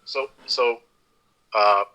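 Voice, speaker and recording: A man with a background talks through an idea in relaxed podcast chat, stumbling and repeating words as he thinks. His tone is very bright and sharp, at an ordinary pitch. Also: extremely slow, rough recording. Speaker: podcast co-host. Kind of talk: casual chat.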